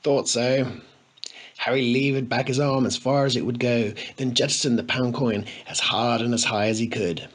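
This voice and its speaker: A man narrating a comic story in a playful, expressive way. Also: mid-range voice, brisk, few pauses. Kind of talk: storybook reading.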